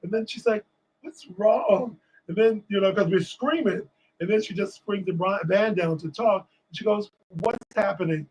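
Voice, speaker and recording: A man from Washington, D.C., a guest on a talk show, telling lively stories and acting out what people said. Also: high-pitched, brisk, husky, low-quality recording. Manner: animated storyteller acting out quotes. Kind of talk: storytelling in a casual interview.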